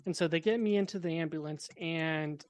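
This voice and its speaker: A young man, a podcast guest, telling a personal story in a relaxed, casual way with wry, deadpan dark humor. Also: fairly high pitch, fairly quick, no echo.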